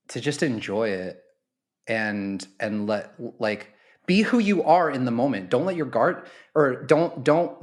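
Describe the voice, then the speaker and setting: A man as a podcast guest, talking casually and animatedly, often correcting himself mid-sentence. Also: fairly low pitch. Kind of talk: casual conversational reflection.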